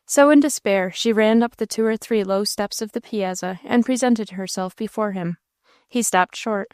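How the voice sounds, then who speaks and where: Female audiobook narrator, steady storybook reading, middle pitch, dry close mic. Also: normal speed, clear, resonant tone, no room sound. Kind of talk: scripted narration.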